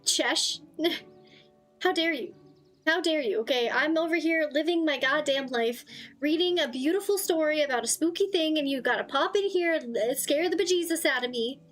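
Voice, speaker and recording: A woman streaming a story game in casual chat, reacting loudly and swearing freely, her voice a little tired and strained. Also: sits high. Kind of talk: casual gaming livestream chat.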